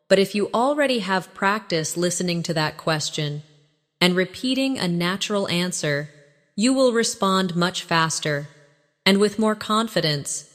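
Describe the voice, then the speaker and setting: Woman teacher, unhurried instructive read, roomy reverb tail, for a language-lesson voice-over. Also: medium pitch. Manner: slow, even, instructive delivery with repeat-after-me drills. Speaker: English teacher. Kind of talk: scripted lesson narration.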